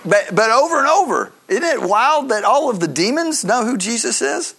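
A man's voice: extremely high pitch, big pitch swings, normal speed, creaky, sharp tone, slightly rough. A man preaching a sermon, explaining scripture in an earnest teaching manner with conversational asides. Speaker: pastor.

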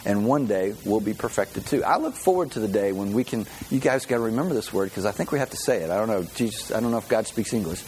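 Man preaching a lively sermon. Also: lowish voice, fast talker, hardly any pauses, a little hiss or hum. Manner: animated, conversational preaching with rhetorical questions. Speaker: pastor.

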